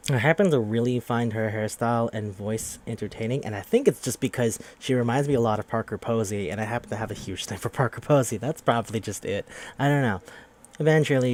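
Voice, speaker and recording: A fairly low-voiced man talks through a video game's story in a loose, rambling podcast style. He swears freely and slips into quick voices for the characters as he goes. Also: darkish tone. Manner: rambling, profane, acts out characters' lines. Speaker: podcast host. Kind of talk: casual podcast game recap.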